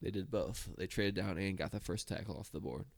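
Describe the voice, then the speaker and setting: A man's voice: sits low, a little fast, creaky, no echo. A man co-hosting a podcast in casual chat, easygoing and rambling, often trailing off mid-thought. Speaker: podcast co-host.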